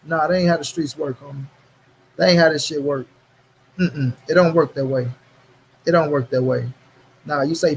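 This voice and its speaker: A man's voice: a little high, fairly even intonation, normal speed, long pauses, slight background noise, rough recording. A man hosting a boxing commentary channel, ranting in a casual, profane way, repeating lines for stress and talking straight to his viewers in street slang.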